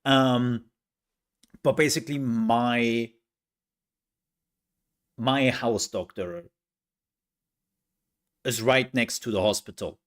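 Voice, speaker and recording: A man's voice: medium pitch, takes it slowly, pauses often. A young man chatting casually to his livestream viewers, rambling with lots of fillers and laughs. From outside the US, from a country with universal healthcare. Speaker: streamer.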